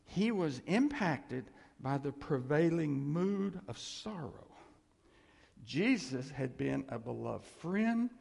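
A man preaching a sermon as pastor, earnest and repetitive, often dropping to a soft voice. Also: sits high, gravelly, husky, long reverb tail.

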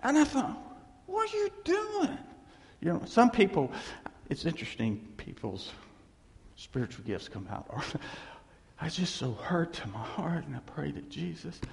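A man preaching a sermon in a church, animated and laughing, acting out voices as he tells stories. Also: on the high side, a little slow, creaky. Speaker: pastor. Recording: echoey hall reverb.

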